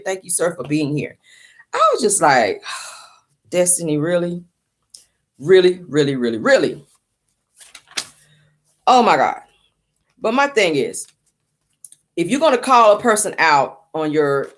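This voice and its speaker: A woman hosting a casual celebrity gossip show in a sassy, chatty way, calling her listeners honey and child, still sleepy from just waking up. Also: fairly low pitch. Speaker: host.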